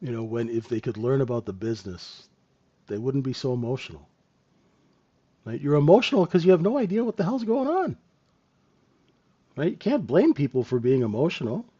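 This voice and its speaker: A man's voice: medium pitch, very animated, fairly quick, long pauses, dark tone, slightly rough, lo-fi sound. A man hosting a live trading room, talking the market through in a casual, conversational way and often checking in with his listeners. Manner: conversational, repeated tag questions, chuckling asides.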